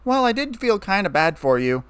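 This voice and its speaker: A man's voice: sits high, sing-song, moderate pace, a bit bright, clear, resonant tone, no room sound, voice pushed up. A man doing a cocky tomboy pegasus mare. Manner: teasing, boastful.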